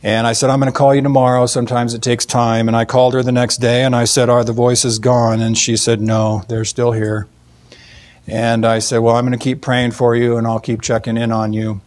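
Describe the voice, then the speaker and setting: A man's voice: mid-range voice, completely flat delivery, darkish tone. Earnest man telling a testimony. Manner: earnest, halting, frequent fillers and restarts. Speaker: Christian speaker telling a testimony. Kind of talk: storytelling testimony.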